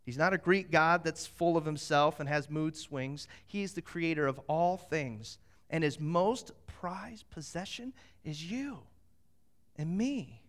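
Animated man preaching a sermon. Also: fairly high pitch, a little slow. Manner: animated storytelling, acts out quotes. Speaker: pastor.

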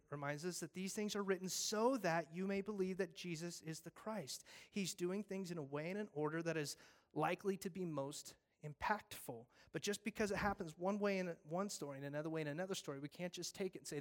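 A man preaching a sermon, animated, acting out scenes with voices and pleading earnestly. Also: high voice. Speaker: pastor.

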